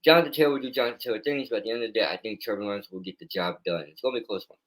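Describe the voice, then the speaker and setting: A man co-hosting a casual football picks show, blunt and excitable with trash talk. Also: lowish voice, rapid-fire, rough recording. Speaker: co-host. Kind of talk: casual sports picks chat.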